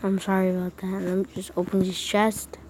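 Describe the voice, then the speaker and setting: A woman's voice: mid-range voice, little pitch movement, fairly quick. A woman giving casual gameplay commentary at home, rambling and correcting herself while keeping her voice down. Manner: rambling, self-correcting, talking quietly. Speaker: mobile game YouTuber. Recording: noisy home recording with clicks.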